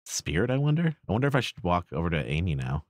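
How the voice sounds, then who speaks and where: A man's voice: low voice, big pitch swings, fast talker, no echo, clean studio sound. A young man streaming a horror game, muttering, swearing and laughing as he plays. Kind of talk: casual gameplay commentary.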